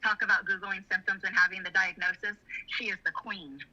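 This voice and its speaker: A woman's voice: mid-range voice, fairly even intonation, brisk, pushed and bright. A middle-aged woman telling a personal family story in an earnest, rambling way. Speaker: interview guest. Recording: slightly muffled video audio.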